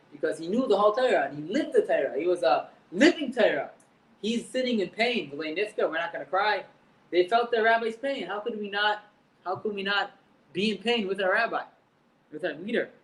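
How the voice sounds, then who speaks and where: A rabbi with a high voice leads a class, translating old Hebrew lines and circling back on his words as he explains them. He is heard from a distance in a room that echoes. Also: a bit bright. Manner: explains Hebrew text line by line, repeats words.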